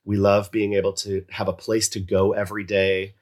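A man who co-owns a salon, speaking in a measured way as an interview guest. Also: fairly low pitch, flat delivery. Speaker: colorist and salon co-owner. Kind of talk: conversational interview answers.

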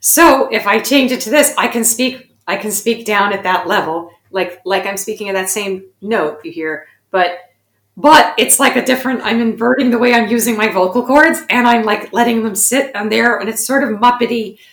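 A woman demonstrating a high, gravelly falsetto character voice for a ditzy woman that sounds Muppet-like. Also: normal speed, a bit bright, roomy sound.

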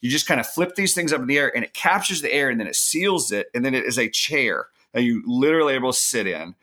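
A man's voice: medium pitch, expressive, quick pace, pushed and bright. A middle-aged man co-hosting a podcast, chatting casually and enthusiastically, leaning hard on words for emphasis. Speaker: podcast co-host. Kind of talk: casual gift-guide chat.

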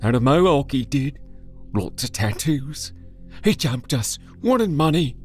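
A man voicing a battered male orc thug in a horror story reading, shouting in high strained yelps. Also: big pitch swings, a little slow, faint music behind. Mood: whining.

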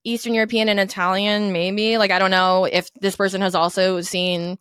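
A woman's voice: mid-range voice, level tone, moderate pace, a bit bright, clean tone, no room sound, clean studio sound. A woman comedian hosting a podcast, chatting casually in a rambling, self-deprecating way.

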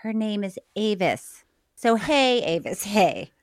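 A woman's voice: medium pitch, very animated, slow. A middle-aged woman co-hosting a podcast in casual chat, laughing often and reading listener mail aloud. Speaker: podcast co-host.

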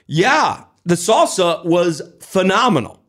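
A young man co-hosting a podcast, telling a story in lively casual chat and acting out the voices of people in it. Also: high-pitched, slow pace. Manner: animated, acts out voices, swears and laughs. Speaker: podcast co-host.

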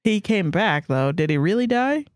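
A woman's voice: mid-range voice, big pitch swings, normal speed, dry recording, clean studio sound. A woman co-hosting a comedy podcast in casual chat, reading fan fiction aloud in a wry, mocking way. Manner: wry, mocking, often laughing. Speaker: podcast co-host.

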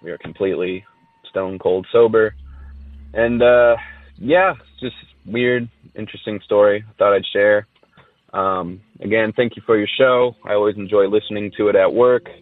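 A man tells a rambling story over a tinny phone line, with plenty of uhs and anyways. His voice sits a little low. The sound is dry and boxed-in. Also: no room sound. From Southern California. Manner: rambling storyteller, many fillers. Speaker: caller sharing a ghost story. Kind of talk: casual recorded voice message.

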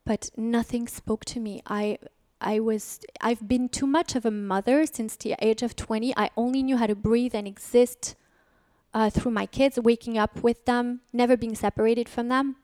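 A woman's voice: fairly high pitch, steady tone, moderate pace, a little mellow, no echo, clean studio sound. A woman speaking frankly and emotionally as a guest on an interview podcast. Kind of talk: candid interview conversation.

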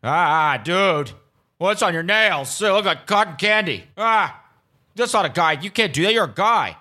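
A man voicing a macho guy who is mocked for freaking out over a painted nail, in a loud, scandalized way. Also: sits high, lively intonation, unhurried, pitched above the performer's own voice, exaggerated voice. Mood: mocking outrage.

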